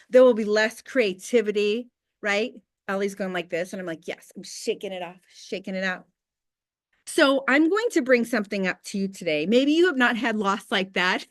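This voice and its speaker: A woman in her thirties hosting a casual motivational team call, chatty and candid, with quick asides and faith talk. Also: mid-range voice, no echo, clean studio sound.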